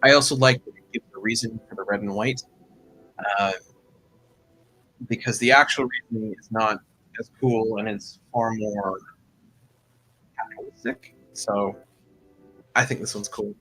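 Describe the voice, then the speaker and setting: A man's voice: fairly low pitch, fairly even intonation, a little slow, long pauses, bright, forceful tone, slightly rough, rough recording. A man hosting a livestream, telling a story in a chatty, rambling way full of asides. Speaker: host.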